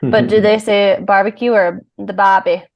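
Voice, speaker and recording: Brief: cheerful woman co-host, mid pitch, giggly chat. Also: flat delivery, moderate pace, vocal fry, dull audio. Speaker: podcast co-host. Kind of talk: casual podcast intro and chat.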